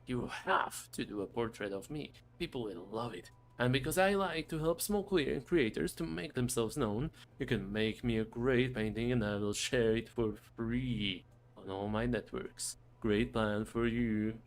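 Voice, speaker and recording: A man's voice: mid-range voice, measured pace, a little hiss or hum, close to an everyday voice. A man voicing a vain, pushy young influencer who talks down to people. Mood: smug. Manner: smug, condescending.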